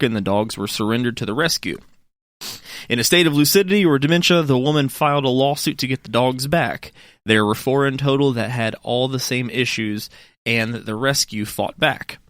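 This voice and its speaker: A man's voice: medium pitch, fairly bright tone, no room sound, studio quality. Laughing, swearing man on a podcast. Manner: laughs often, swears casually. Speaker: podcast co-host. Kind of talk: casual podcast banter, reading listener emails.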